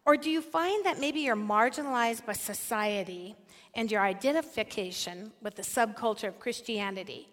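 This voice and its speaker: A woman's voice: fairly high pitch, moderate pace. An older woman giving a sermon-style talk to a Christian women's gathering, telling stories with animation and putting direct questions to her listeners. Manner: animated storyteller, puts direct questions to the audience. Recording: echoey hall.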